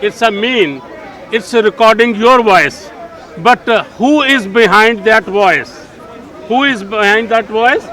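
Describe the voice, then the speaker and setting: An older man in an outdoor park debate, speaking slowly and haltingly with a high, bright voice. He stops often to hunt for words. A faint crowd murmurs behind him. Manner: slow and halting, many hesitations. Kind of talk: street debate.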